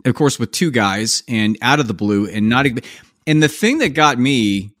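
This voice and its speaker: A man's voice: mid-range voice, animated, normal speed, a bit bright, no room sound, clean studio sound. A man hosting a podcast, reacting to his guest and asking long, rambling questions that restart midway. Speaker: podcast host.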